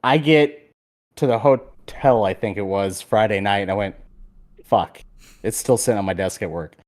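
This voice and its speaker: A man co-hosting a podcast in casual chat, telling a story with animated energy and plenty of swearing. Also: on the low side, normal speed. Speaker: podcast co-host.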